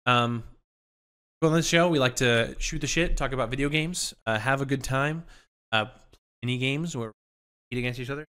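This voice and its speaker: A man's voice: mid-range voice, normal speed, pauses often, bright, forceful tone, smooth. A man hosting a casual gaming podcast, rambling with lots of fillers and self-deprecating jokes into a desk mic. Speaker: podcast host.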